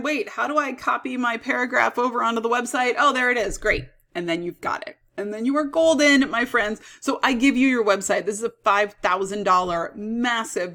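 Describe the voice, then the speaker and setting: A woman coach giving an upbeat, persuasive sales pitch for her online course. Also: fairly bright tone. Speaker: business coach.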